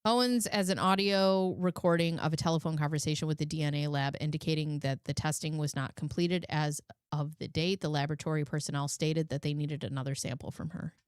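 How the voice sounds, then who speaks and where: A woman's voice: low voice, fairly even intonation, brisk, hardly any pauses, clean tone, no echo, studio quality. A woman hosting a live stream, reading out court records with sarcastic asides. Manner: sarcastic asides, laughs at her own jokes. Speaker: live commentary host.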